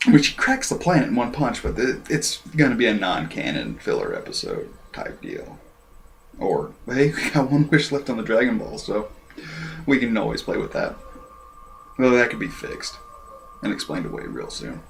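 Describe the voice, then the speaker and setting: A man giving a casual, rambling review of an anime episode and clearing his throat often. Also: medium pitch, wildly swooping pitch, normal speed, a little hiss or hum.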